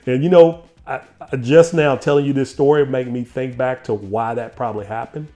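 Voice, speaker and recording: A man hosting an interview, telling a personal story in a lively, laughing way. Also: medium pitch, fairly quick, few pauses, faint music behind. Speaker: interview host. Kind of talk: casual storytelling chat.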